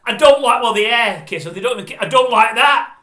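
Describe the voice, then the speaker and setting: A man's voice: very high-pitched, animated, quick pace, bright, forceful tone. An older man delivering a blunt, grumbling, rambling opinion monologue to camera. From Britain. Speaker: vlogger. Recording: roomy echo.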